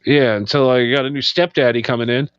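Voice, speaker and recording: A man's voice: mid-range voice, fairly even intonation, fairly quick, clean tone, dry recording. A man co-hosting a casual podcast, rambling in a laid-back, loose and profane way. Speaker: podcast co-host. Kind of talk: casual stoner podcast chat. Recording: slightly dull lo-fi sound.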